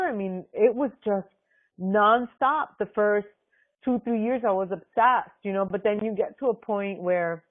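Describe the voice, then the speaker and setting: A woman's voice: medium pitch, unhurried. Gushing woman on a tinny call line. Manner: gushing, effusive, lots of fillers. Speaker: team leader on the call. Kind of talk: conference call chat.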